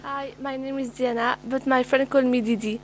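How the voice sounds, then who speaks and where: A woman's voice: sits high, steady tone, fairly quick, slight background noise, low-quality recording. A teenage girl introduces herself to pen pals in careful learner's English with fillers. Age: teens. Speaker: student.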